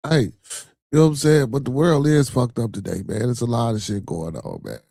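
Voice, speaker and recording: A man's voice: mid-range voice, expressive, brisk, gravelly, mellow, no room sound. A man with a Chicago accent hosting a podcast in loose, streetwise casual chat, full of "you know what I'm saying" fillers and swearing. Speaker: podcast host. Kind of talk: casual podcast chat reacting to news and live comments.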